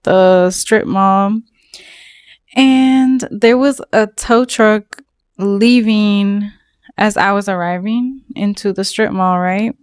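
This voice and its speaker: A woman telling a casual storytime about her own life, animated, swearing and saying "like" often. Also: medium pitch, clear, resonant tone, no room sound, clean studio sound. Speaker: storytelling vlogger.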